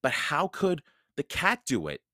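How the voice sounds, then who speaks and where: A man's voice: a little high, wildly swooping pitch, a little slow, bright, forceful tone, no room sound, clean studio sound, voice pushed up, heavily acted. A man voicing a nervous, thoughtful young boy in a read-aloud storybook, in a raised boyish voice. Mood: eager.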